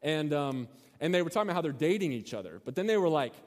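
A man's voice: on the high side, sing-song, fast, a little mellow. A man in his thirties preaching a casual sermon as a youth pastor, telling a story with many restarts and asides. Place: church hall. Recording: long hall reverb.

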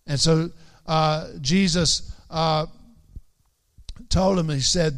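A male preacher delivering a sermon at an unhurried pace, his voice smooth and resonant. He talks earnestly, circling back to repeat key phrases, and slips into old-fashioned scripture wording when he quotes. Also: a little high, fairly even intonation.

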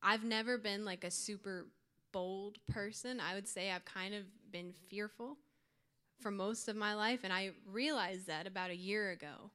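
A woman's voice: mid-range voice, moderate pace, pushed and bright, clear, resonant tone. Earnest young woman giving a sermon. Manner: earnest and informal, with light laughs. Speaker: youth speaker. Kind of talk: youth sermon.

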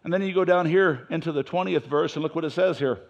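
A man preaching a sermon in church, swinging between loud emphasis and quiet asides. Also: a little high, quick pace, dull audio. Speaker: pastor.

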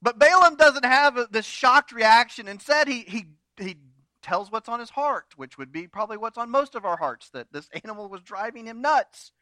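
A man's voice: very high voice, animated, normal speed, bright, forceful tone, no room sound. A man pastor preaching a sermon, retelling a story with humorous asides.

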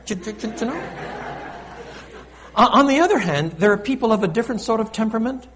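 A man preaching a sermon in a lively, conversational style, often turning to the congregation with little asides. His voice sits slightly high and rises and falls a great deal. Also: fast, pauses often. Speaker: pastor.

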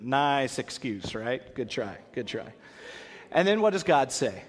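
A man leads a Bible lesson before a gathered audience, quizzing them and acting out the characters as he goes. His voice swings widely in pitch, and it rings with the long reverb of a large hall. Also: measured pace. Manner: animated, acts out voices, asks the audience questions. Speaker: pastor.

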